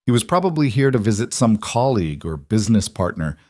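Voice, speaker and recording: Male storyteller, low register, steady somber read, dry close sound. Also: fairly quick, no room sound. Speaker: narrator. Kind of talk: scripted story narration.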